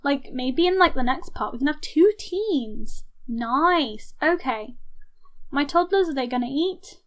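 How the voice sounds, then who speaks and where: A young woman with a high, bright voice talks through her game in a chatty let's-play style. She reacts loudly as she plays, gasping and laughing between remarks. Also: expressive, measured pace. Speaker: gaming YouTuber. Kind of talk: casual let's-play commentary.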